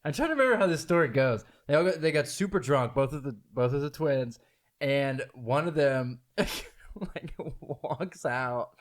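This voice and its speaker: A man's voice: fairly high pitch, expressive, measured pace. A young man hosting a casual podcast chat, laughing as he tells stories and acting out the people in them. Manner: laughs through stories, acts out quoted voices. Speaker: podcast host.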